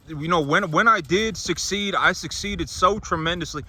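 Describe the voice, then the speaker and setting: A man's voice: sits high, fairly quick, few pauses, sharp tone. A man, a farmer, talking casually to the camera outdoors on his farm, rambling and restarting his sentences. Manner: rambling, repeats himself, restarts often. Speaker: farmer and vlogger.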